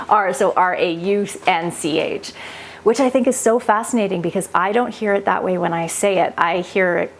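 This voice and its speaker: A woman's voice: lowish voice, slight background noise. A woman with a Canadian accent chatting casually as she cooks in her home kitchen, laughing easily and thinking aloud. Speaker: home cooking vlogger. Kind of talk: casual cooking chat.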